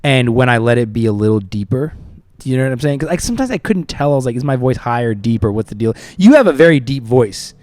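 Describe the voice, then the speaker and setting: A man hosting a casual studio chat, jumping between loud excited bursts and soft asides as he tells stories. His voice sits at a middling pitch and is recorded close and dry. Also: fast talker, no room sound. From Southern US, Tampa. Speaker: podcast host and musician.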